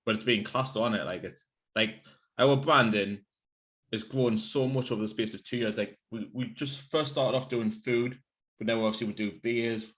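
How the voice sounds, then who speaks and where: A man, chatting loosely as co-host of a beer-and-banter podcast. He tells long, meandering stories, leans on "like" as a filler and swears casually, in an even, mid-pitched voice. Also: moderate pace. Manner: rambling storyteller, swears freely, many "like" fillers. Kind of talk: casual banter over beers.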